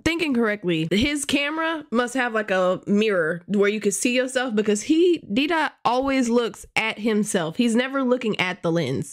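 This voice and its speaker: A woman hosting a reaction video, chatting casually, laughing and exclaiming at what she watches. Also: fairly high pitch. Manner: laughs and exclaims often, talks back at the video.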